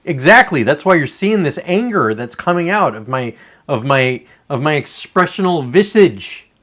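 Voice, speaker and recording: A man's voice: fairly high pitch, very animated, moderate pace. A man ranting on a casual livestream, frustrated and profane, rambling with many restarts. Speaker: livestreamer and real estate agent.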